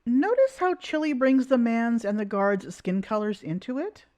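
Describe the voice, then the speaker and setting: A woman's voice: fairly high pitch, lively intonation, moderate pace, dark tone. A woman giving critical, sarcastic commentary over video clips.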